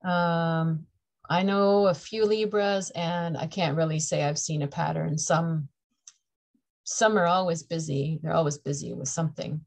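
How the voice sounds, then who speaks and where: A woman's voice: low-pitched, fairly even intonation, a little slow. A middle-aged woman from Canada giving a chatty, playful tarot reading to camera, laughing often between her points. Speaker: tarot reader.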